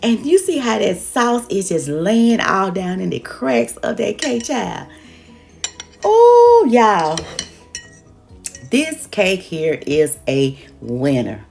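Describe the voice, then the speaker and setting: A woman's voice: medium pitch, big pitch swings, slow, vocal fry, a little mellow, soft background music. An older woman hosting a cooking demonstration, exuberant and folksy, talking straight to her viewers. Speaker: cooking show host.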